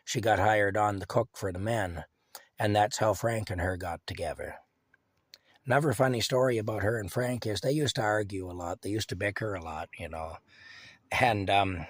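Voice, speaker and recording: A man's voice: lowish voice, dry recording. Rambling older man telling stories. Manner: rambling, halting, chuckling. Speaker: vlogger. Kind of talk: casual storytelling.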